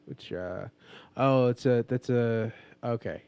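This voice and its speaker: A man's voice: mid-range voice, slow pace, vocal fry, clear, resonant tone, no echo, dull audio. A man co-hosting a podcast, chatting casually about movie news with many fillers and restarts. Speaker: podcast co-host.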